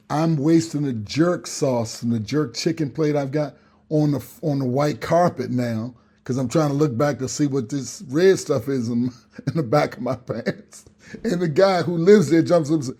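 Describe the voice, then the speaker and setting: A man telling a comic story on a radio show, animated and acting out the other people in it. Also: fairly high pitch, moderate pace, slightly rough. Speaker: regular guest.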